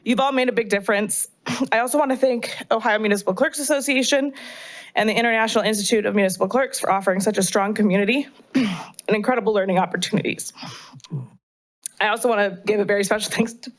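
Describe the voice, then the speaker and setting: A woman's voice: medium pitch, steady tone, quick pace. An American woman, a municipal clerk, giving an earnest thank-you speech at a council meeting, a little emotional. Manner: earnest, slightly emotional, clears throat.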